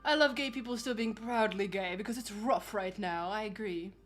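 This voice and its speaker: A woman's voice: mid-range voice, normal speed, soft background music. A young woman streaming, chatting casually and reading chat aloud, saying "like" a lot and laughing often.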